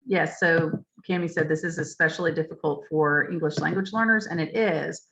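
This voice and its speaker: A woman leading a teacher training session over a video call, explaining clearly with frequent ums and saying example phrases aloud. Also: deep voice, steady tone, normal speed, fairly bright tone. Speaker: literacy trainer. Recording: dull lo-fi video call audio.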